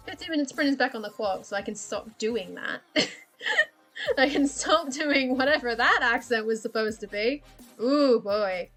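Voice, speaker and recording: Woman, higher-pitched, casual streamer chat: rambly, self-mocking, a bit sweary, soft music under it. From Australia. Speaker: livestreaming artist.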